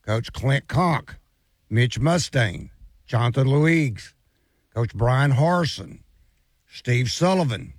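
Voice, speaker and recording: A man's voice: medium pitch, no room sound. A man co-hosting a casual sports radio show, chatting and reading listener messages aloud.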